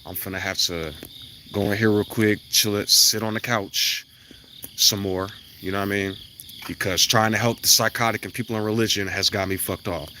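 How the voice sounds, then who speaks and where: Forceful, profane preachy man ranting. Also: fairly low pitch, steady tone, normal speed, a little hiss or hum. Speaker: self-styled spiritual vlogger. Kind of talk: ranting monologue to camera. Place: outdoors near his house.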